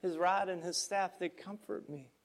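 Calm trusting sheep, gentle and reassuring , voiced by a male pastor. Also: high voice, moderate pace, natural voice.

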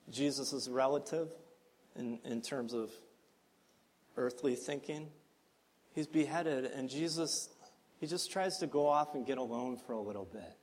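A man preaching a sermon as pastor, earnest and emphatic, with frequent fillers. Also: medium pitch.

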